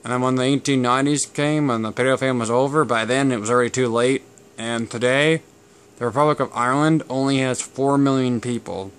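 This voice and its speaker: A man's voice: medium pitch, fairly quick, clean tone. A man, from Canada, talking casually to camera about family history in a rambling, digressive way. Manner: rambling and digressive, with many fillers. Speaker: channel host.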